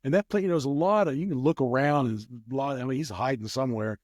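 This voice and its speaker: A man's voice: mid-range voice, fast talker, darkish tone, dry recording, studio quality. A man telling a rambling casual story as an interview guest, with many restarts. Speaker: guest, craps player.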